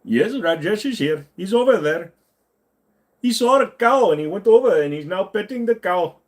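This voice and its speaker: A man doing a wheedling phone scammer, pitched well above a normal speaking voice and pushed forward with extra volume. He sounds overly polite and singsong, all fake friendliness as he coaxes. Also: animated, moderate pace. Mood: mock-innocent.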